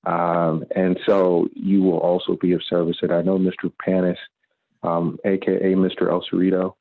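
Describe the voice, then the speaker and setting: Deep gravelly man over a tinny call line. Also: completely flat delivery. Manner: measured, halting, frequent fillers. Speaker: school board trustee. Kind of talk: farewell remarks at an online board meeting. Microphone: video call. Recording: tinny phone-like call audio.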